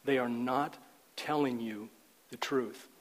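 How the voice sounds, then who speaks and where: A man's voice: medium pitch, fairly even intonation, takes it slowly, in a large hall, low-quality recording. An older man teaching a men's group in a sermon style, earnest and emphatic, often repeating words.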